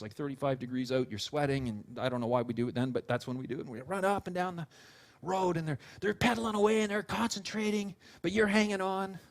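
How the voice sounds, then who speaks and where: A male pastor preaching a sermon in an animated storytelling way, with casual fillers and restarts. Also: fairly high pitch. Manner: animated storytelling, acting out quotes.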